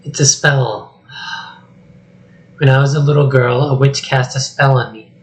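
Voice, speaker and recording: A man voicing a cursed young princess while reading a script aloud, speaking softly and pleadingly. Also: medium pitch, fairly even intonation, unhurried, close to an everyday voice, rough recording. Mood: earnest. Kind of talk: solo script reading with voices.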